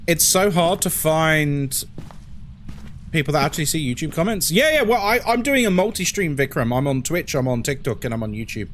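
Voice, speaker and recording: A man's voice: on the high side, big pitch swings, normal speed, fairly bright tone, a little hiss or hum. A man with a London accent, live-streaming a horror game and chatting with viewers about their comments. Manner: chatty, answers chat comments. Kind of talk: live-stream chat while gaming.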